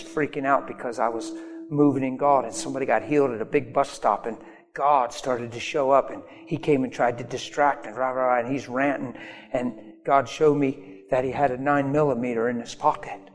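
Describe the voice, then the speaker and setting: A man's voice: mid-range voice, steady tone, a little fast. A man preaching a sermon, telling stories in an emphatic way that rises to sudden bursts. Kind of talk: sermon storytelling. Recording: long hall reverb with faint music.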